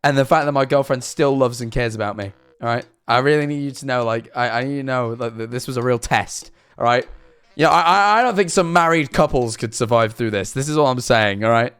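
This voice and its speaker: A young man streaming tells an embarrassing story to chat in a rambling, self-deprecating way, often restarting and saying "all right?", while his throat is sore. His medium-pitched voice is a little fast, a bit bright, clear and resonant, recorded dry with faint music behind.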